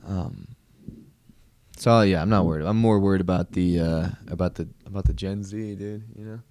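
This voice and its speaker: Rambling joking man, lowish voice. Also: normal speed, darkish tone, no echo. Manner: rambling, joking, full of fillers and restarts. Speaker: podcast host. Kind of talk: comedic monologue.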